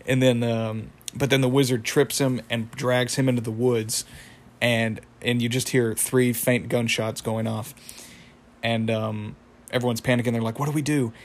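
A man's voice: mid-range voice, flat delivery, unhurried. A young man casually recapping a cartoon episode, rambling with fillers and laughs.

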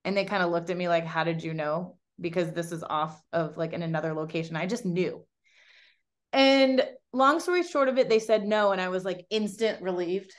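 Woman guest in her young adult years; chatty, animated storyteller who voices her own quotes. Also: on the low side, normal speed. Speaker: guest, pro bikini competitor. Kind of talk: casual storytelling chat.

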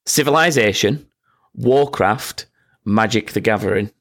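A man's voice: medium pitch, expressive, measured pace, a bit bright. A man hosting a casual quiz with friends, reading out questions and making sarcastic, sweary asides. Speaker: quizmaster.

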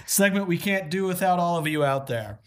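A woman's voice: lowish voice, a little fast, a crowd in the background. A woman co-hosting a casual podcast, reading out listener emails with lots of fillers and laughter. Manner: giggly, animated, lots of fillers.

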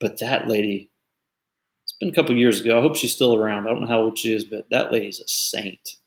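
A man's voice: on the low side, fairly even intonation, a little fast, echoey room. A man in his forties hosting a talk show, speaking earnestly and reflectively in casual commentary. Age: 40s.

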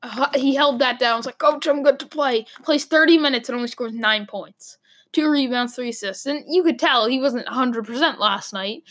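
A woman's voice: on the high side, normal speed, a bit bright. A young woman from Boston with a Boston accent, hosting a rambling, opinionated sports talk monologue full of "like" fillers. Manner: rambling, emphatic, lots of "like" fillers.

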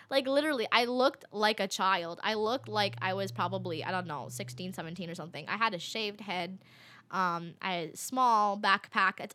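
A young woman telling a travel story to her viewers in a casual, animated way, full of fillers and little laughs. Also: mid-range voice, no room sound. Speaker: vlogger.

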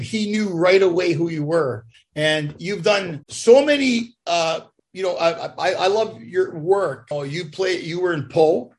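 A man with a high, gravelly voice hosts a relaxed interview. He rambles and stumbles, circling back over his own words before he gets to the question. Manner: rambling, halting, many restarts and fillers. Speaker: interview host. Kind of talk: casual interview chat.

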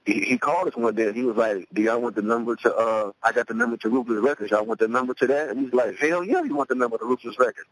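Low-voiced man telling a story. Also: fast talker, hardly any pauses, dry recording, low-quality recording. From Cleveland, USA. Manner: loose, repeats words while restarting sentences; acts out quoted voices in higher pitch. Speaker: rapper guest. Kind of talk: casual storytelling.

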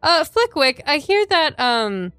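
A woman voicing a kindly male teacher who coaxes others gently. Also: high voice, sing-song, slow, no echo, faint music behind, pitched above the performer's own voice, heavily acted. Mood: coaxing.

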